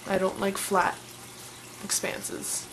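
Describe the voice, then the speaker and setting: A woman's voice: medium pitch, completely flat delivery, slow, noisy background. A young woman in her twenties, chatting casually and enthusiastically as she answers questions in a vlog. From Colorado, USA. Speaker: vlogger.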